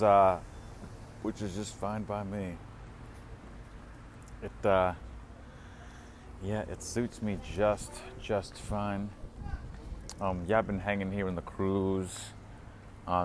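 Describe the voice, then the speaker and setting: Low-voiced man rambling in a car. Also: flat delivery, slight background noise. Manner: rambling, drawn-out fillers, chuckling asides. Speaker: vlogger. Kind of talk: casual rambling monologue. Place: in a parked car.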